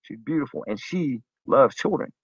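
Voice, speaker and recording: A man's voice: medium pitch, lively intonation, moderate pace, slightly rough, no echo. A man delivering a zealous, preachy monologue straight to his viewers in a slightly dull lo-fi recording. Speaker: vlogger. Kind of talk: earnest direct-to-camera monologue.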